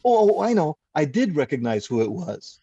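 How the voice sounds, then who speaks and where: A man tells a story in an animated way, acting out both sides of a conversation. His voice is gravelly with a slight husk, at a middle pitch. He sounds dry and a little muffled, like lo-fi video call audio. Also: normal speed, no room sound. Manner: animated storyteller who acts out quoted exchanges. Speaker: host. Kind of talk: casual storytelling chat.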